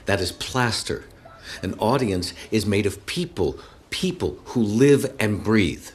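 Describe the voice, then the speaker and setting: A stern father from a film drama, firm and lecturing, drawing out his words for weight. His voice sits fairly low and swings widely in pitch as he scolds. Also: expressive. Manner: firm, lecturing, slows down for emphasis.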